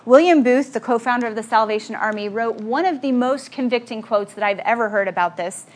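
A woman's voice: on the high side, fairly quick. Earnest woman preaching a sermon. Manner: earnest, emphatic, with rhetorical questions. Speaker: speaker at a Christian gathering.

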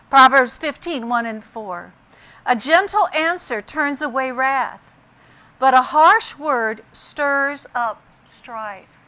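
Older woman sharing a heartfelt story, high bright voice, earnest and reflective. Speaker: speaker sharing a personal story. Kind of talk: personal testimony talk.

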